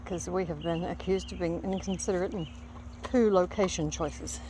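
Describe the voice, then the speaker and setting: A woman's voice: fairly low pitch, steady tone, moderate pace, dark tone. A woman vlogging on a dog walk outdoors, chatting casually, a little out of breath, now and then calling commands to her dog. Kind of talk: casual walking vlog. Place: outdoors in a small town. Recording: noisy outdoor recording.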